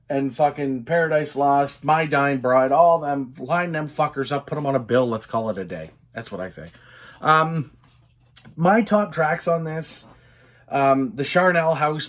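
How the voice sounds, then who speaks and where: Man, metal record review vlog, heavy swearing, rambling rants, mid-pitched voice. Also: a bit bright. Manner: profane and ranting, many fillers. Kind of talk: casual vinyl review vlog.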